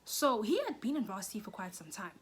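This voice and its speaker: A young South African woman telling a storytime vlog, animated, often dropping into whispers and rising into shrill bursts. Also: quick pace, slightly rough. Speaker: YouTuber.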